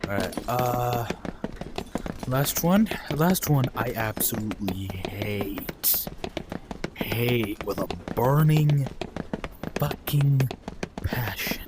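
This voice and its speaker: A man ranting casually and bluntly about food while playing a game, with quick asides and apologies. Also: medium pitch. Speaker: gameplay streamer. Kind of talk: casual rambling rant while gaming. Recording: noisy home recording.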